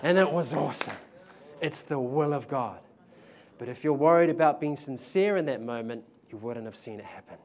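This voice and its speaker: A man's voice: medium pitch, lively intonation, normal speed, darkish tone. Young kiwi preacher guy telling a healing story, slangy, laughs a lot. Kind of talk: testimony sermon.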